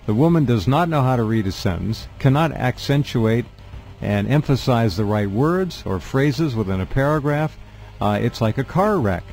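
A man's voice: mid-range voice, expressive, moderate pace, darkish tone. A man hosting a radio talk show, interviewing a guest and giving blunt, opinionated remarks. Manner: blunt, opinionated, many short backchannels. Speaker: radio host.

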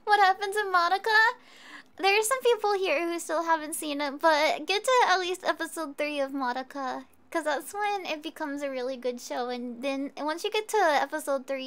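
A woman streamer chatting casually with viewers while she plays a game, bubbly and quick to giggle. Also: high voice. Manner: bubbly, giggly, easily excited. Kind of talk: casual gameplay chat.

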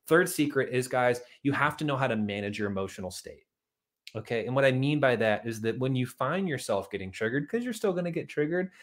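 A man coaching couples on money, talking in an energetic, chatty way and often calling his listeners "guys". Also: mid-range voice. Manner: energetic, chatty, keeps saying "guys" and "okay". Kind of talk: motivational talk to couples.

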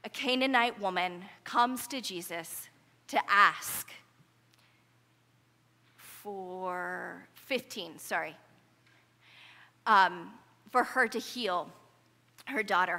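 A woman pastor preaching an earnest sermon, unhurried and deliberate. Her voice is bright and clear. It rings out in a church sanctuary with a long, lingering reverb. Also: mid-range voice. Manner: earnest, conversational preaching with rising intensity in quotes.

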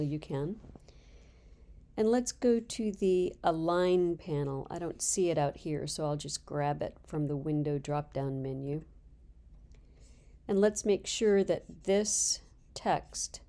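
A woman instructor calmly walking through a software tutorial step by step. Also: deep voice. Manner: calm step-by-step explaining. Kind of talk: screen-recorded software tutorial.

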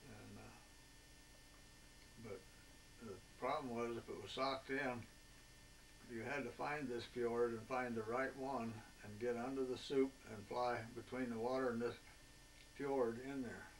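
A man in his eighties, a veteran, recalling his wartime years in a folksy, rambling way with many filler pauses. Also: mid-range voice, fairly even intonation. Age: 80s. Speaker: veteran interviewee. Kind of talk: oral history reminiscence. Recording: distant mic with faint background noise.

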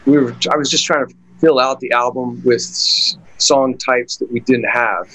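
A man's voice: medium pitch, steady tone, normal speed, bright, forceful tone, poor audio. Rambling middle-aged male guitarist. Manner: rambling, many restarts and fillers, acts out quotes. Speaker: guitarist being interviewed. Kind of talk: casual interview storytelling.

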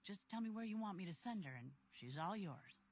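An actress voicing a fast-talking wandering livestock trader in a video game, talking up her goods. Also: mid-range voice, expressive, lightly acted. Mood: salesy. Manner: salesy, talks up her goods.

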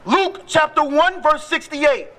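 A man loudly reading scripture verses aloud, slow and declaiming, on an outdoor city street. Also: extremely high pitch. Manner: proclaims verses slowly at full voice. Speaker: scripture reader.

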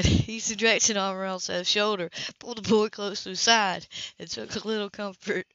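A woman's voice: mid-range voice, moderate pace, dry recording. A woman reading a novel aloud as an amateur audiobook, voicing the lines with feeling. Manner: expressive, acting out the lines. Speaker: audiobook reader. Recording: dull lo-fi dry home recording.

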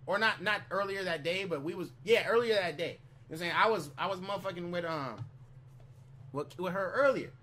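A man with a high, bright voice recounts a story in a loose, rambling vlog style. He swears freely, restarts sentences and keeps checking in with the listener. A faint noise sits behind him. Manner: rambling, profane, repeats "you know what I'm saying"; animated retelling with quick restarts. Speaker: vlogger. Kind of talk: casual storytelling.

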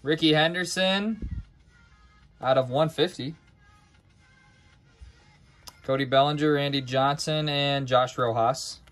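A man's voice: on the high side, slow, long pauses, fairly bright tone, faint music behind. A young man hosting a live trading card break, listing names as he opens packs and stumbling over his words now and then.

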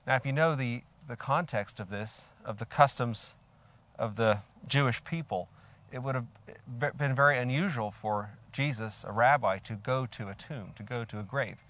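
A man's voice: medium pitch, moderate pace, a bit bright. An older man preaching a sermon, earnest and reflective, asking his listeners direct questions and reading scripture aloud with rising emphasis.

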